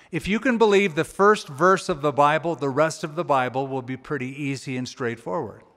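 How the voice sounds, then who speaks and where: A man preaching a sermon as a pastor, with a conversational, folksy way of retelling the text and animated quoted voices. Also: on the high side. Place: church auditorium. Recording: church hall with long reverb.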